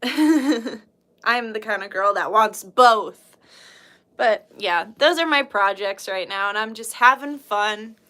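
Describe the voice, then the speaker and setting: A woman's voice: medium pitch, slow pace, pushed and bright. A British woman hosting a casual livestream, chatting in a bubbly, giggly, gushing way. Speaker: livestream host showing handmade jewelry.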